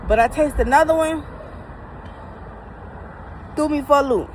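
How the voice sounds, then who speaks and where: Outdoors beside a truck, a food vlogger reviews a meal, speaking to her viewers in a high, unhurried voice. She's emphatic, repeats herself, and calls her audience "y'all" in this casual vlog chat. The recording is low quality, with a faint hiss or hum.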